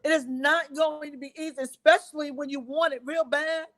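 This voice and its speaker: A woman's voice: high-pitched, steady tone, moderate pace, fairly bright tone. A woman in her fifties, a guest on a live-stream interview, talking in an effusive, emotional way and repeating phrases for emphasis. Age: 50s. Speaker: guest business owner.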